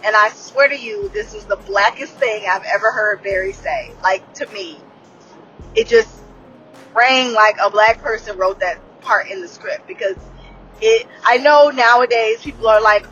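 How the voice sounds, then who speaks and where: Unhurried and fairly bright in tone, this woman in her late thirties reviews a TV episode with candid, casual commentary. She swears freely, laughs a lot and restarts sentences in a medium-pitched voice, on dull audio with slight background noise.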